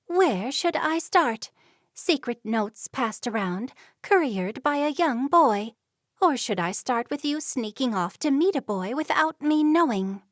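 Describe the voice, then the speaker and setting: A woman's voice: sits high, expressive, unhurried, dry recording, studio quality, voice pushed up. A woman voicing a firm, prying middle-aged Amish mother in a storybook reading. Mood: stern.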